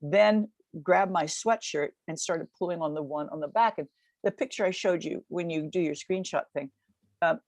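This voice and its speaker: A woman in her seventies, a podcast guest, retelling a past event in vivid, lively storytelling with quick restarts. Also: on the low side, no echo. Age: 70s. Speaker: guest recounting a race.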